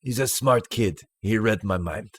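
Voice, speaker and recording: A man putting on an impression of a gruff male action-hero cop with a clipped, deadpan delivery. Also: fairly low pitch, moderate pace, no room sound.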